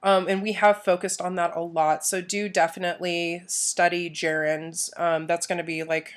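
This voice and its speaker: A young woman teacher giving a recorded review for a Spanish test, relaxed, with many "um" fillers, repeating key points and saying Spanish words with a Castilian accent. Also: on the low side, normal speed. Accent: Castilian Spanish when speaking Spanish.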